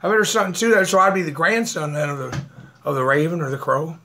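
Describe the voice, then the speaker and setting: High-pitched guy rambling on a live video, laughing, chewing, kinda aggrieved. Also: steady tone, fast, pushed and bright. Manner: rambling, laughs often, talks while eating; aggrieved, combative. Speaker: vlogger.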